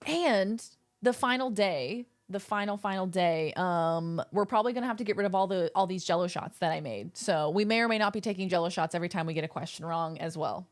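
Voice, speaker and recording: A woman's voice: lowish voice, quick pace, few pauses. A young adult woman livestreaming from her home setup, chatting with viewers in a playful, rambling way with goofy asides. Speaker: live streamer. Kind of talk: casual chat with stream viewers.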